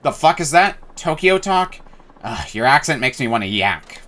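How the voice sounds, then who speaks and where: A man voicing a rude young male street thug who yells insults with swagger. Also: medium pitch, very animated, moderate pace. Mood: aggressive.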